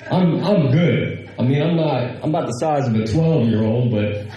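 A man telling a personal story in a casual, animated way, quoting other people and laughing as he goes. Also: medium pitch, moderate pace, muffled recording. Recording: very echoey room.

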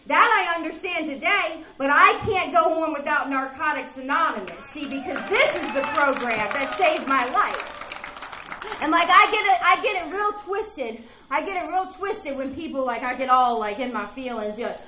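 A woman's voice: high voice, animated, moderate pace, sharp tone, roomy sound, low-quality recording. A woman speaking at a recovery meeting and telling her personal story in a rambling, earnest way. She keeps checking in with the room by asking "right?".

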